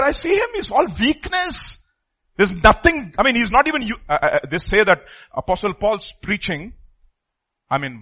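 A pastor preaching a sermon emphatically, his voice swinging from loud outbursts to hushed asides. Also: on the high side.

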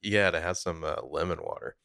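Low-voiced guy recapping a tv episode, laid back, swears a bit, dry close sound. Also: lively intonation, vocal fry, bright, forceful tone, dry recording. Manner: laid-back, recounting scenes with quick quoted lines and swearing. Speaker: podcast co-host recapping a TV episode. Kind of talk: casual chat.

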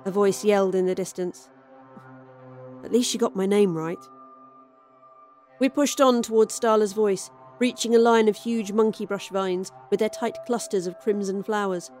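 A woman narrates a first-person sci-fi horror story in a wry, dry manner. Her voice sits at a middling pitch and the telling is scripted and steady. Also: moderate pace, faint music behind.

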